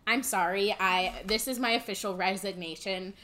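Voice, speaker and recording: A woman's voice: medium pitch, normal speed, pushed and bright. A young woman co-hosting a casual chat, blunt and emphatic in her opinions. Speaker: co-host.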